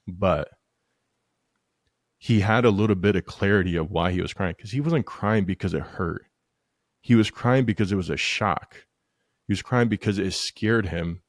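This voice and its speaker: A man's voice: sits low, no room sound. A man hosting a casual podcast, telling stories bluntly with plenty of swearing. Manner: blunt, swears freely, animated storytelling. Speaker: podcast host.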